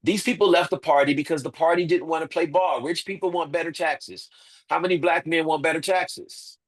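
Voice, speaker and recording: A man's voice: fairly high pitch, steady tone, a little fast, rough recording. A man as an interview guest, making his case emphatically with rhetorical questions and repeated points. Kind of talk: impassioned interview talk.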